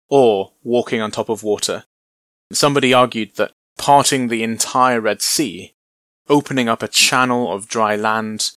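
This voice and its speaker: A man's voice: mid-range voice, fairly bright tone, no echo. Man in a casual Bible talk. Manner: conversational, explaining with light humor. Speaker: Bible teacher. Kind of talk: verse-by-verse Bible teaching.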